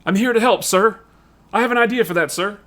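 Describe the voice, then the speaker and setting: A man putting on a high-pitched, eager-to-please young comic-book agent, clingy and overly polite. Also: brisk, fairly bright tone. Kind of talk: comic-book voice reading on a livestream.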